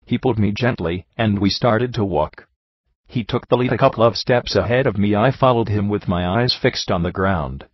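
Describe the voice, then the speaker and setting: A man narrating a book in a steady, measured reading style. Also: fairly low pitch, dry recording. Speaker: audiobook narrator. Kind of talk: scripted narration. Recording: slightly muffled lo-fi recording.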